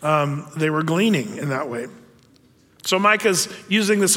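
A man preaching a sermon in a chatty, animated way, full of fillers and asides. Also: a little high, unhurried, big-room sound. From United States. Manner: conversational, animated with frequent fillers. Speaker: pastor.

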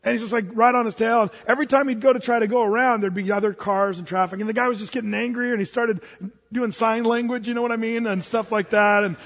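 A man preaching a sermon as pastor, telling stories in a lively way, with many restarts and fillers. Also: very high voice, fast, long reverb tail, lo-fi sound.

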